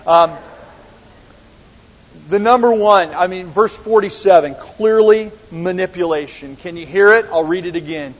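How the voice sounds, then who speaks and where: Husky man preaching in an echoing hall. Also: sits high, normal speed. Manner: conversational, fond of rhetorical questions. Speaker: preacher teaching a Bible study. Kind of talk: sermon-style Bible teaching. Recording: dull lo-fi sound with long hall reverb.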